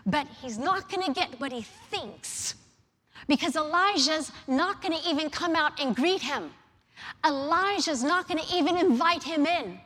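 A woman's voice: high-pitched, a bit bright. Woman preaching with emphatic storytelling. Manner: storytelling, emphatic, asks the listeners questions. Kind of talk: sermon. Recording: long reverb of a large hall.

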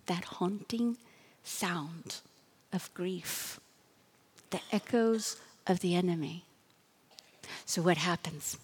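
A woman pastor giving a dramatic sermon, dropping to hushed tones and rising to emphatic bursts. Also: lowish voice, slow pace, long pauses, husky, big-room sound.

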